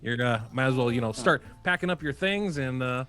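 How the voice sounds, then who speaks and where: A man's voice: medium pitch, lively intonation, brisk, bright, forceful tone, clean tone, faint music behind. A man playing in a tabletop role-playing game, speaking in character with hesitant repeats and fillers. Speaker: player.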